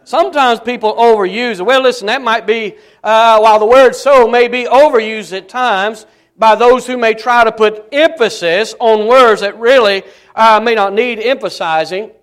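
A man's voice: extremely high pitch, moderate pace, fairly bright tone. A man preaching a sermon as pastor, calling out to the congregation and breaking into song.

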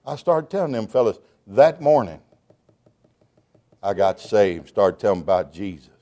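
A middle-aged man, preaching a sermon and telling his testimony with emotion, shouting at times and stammering as he restarts words. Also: fairly low pitch, very animated, normal speed.

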